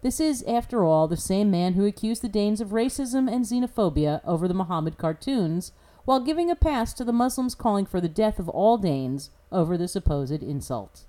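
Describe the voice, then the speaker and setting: An American woman hosts a podcast, delivering a scripted opinion commentary that's sarcastic and mocking. Her medium-pitched voice is mellow and animated at a normal speed, and she laughs at her own jokes.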